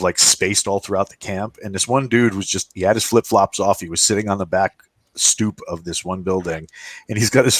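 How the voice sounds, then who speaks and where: Speaking in a very low voice, a podcast co-host chats casually in a roundtable, wandering through anecdotes with plenty of restarts and acting out the voices he quotes. The sound is close and dry, with no room or echo around it.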